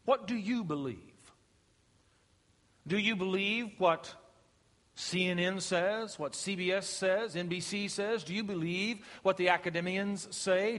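A middle-aged man preaching a sermon, swinging from emphatic rises to hushed, slow passages. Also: high voice. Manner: emphatic preaching, rising and dropping to a hush. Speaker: pastor. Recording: long hall reverb.

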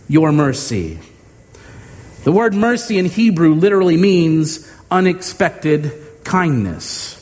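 A man preaching a sermon to his congregation, measured and emphatic, with homey humor and deliberate pauses. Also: high-pitched, a little mellow. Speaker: pastor. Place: church sanctuary. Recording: long hall reverb.

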